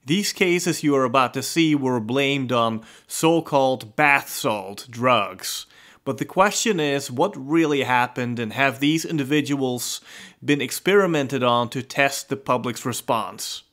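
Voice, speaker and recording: A man reading a scripted voice-over narration in a grave, measured way. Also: mid-range voice, a bit bright. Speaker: video narrator.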